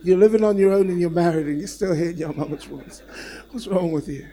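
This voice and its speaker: A male preacher giving a sermon in an animated, repetitive way and calling out to the congregation. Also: sits high, a little fast, poor audio.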